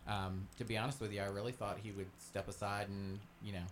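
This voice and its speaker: A man's voice: fairly low pitch, little pitch movement, fairly quick, a little hiss or hum. A man from the United States co-hosting a talk radio show, easygoing and rambling, hedging his points. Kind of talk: casual talk radio chat.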